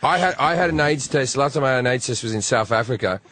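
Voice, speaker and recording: A man's voice: medium pitch, fast. A man telling crude stories in casual podcast banter, laughing as he goes. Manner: crude, animated storytelling with laughter. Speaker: comedian guest telling stories.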